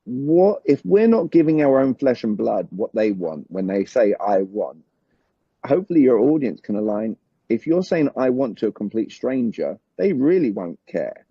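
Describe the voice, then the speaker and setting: Speaking at medium pitch with big swings and a breathy edge, a British man at a summit explains a conversation method in an interview. He keeps it structured, moving step by step and often asking "all right". The pace is moderate, there's no room sound, and the highs are cut off.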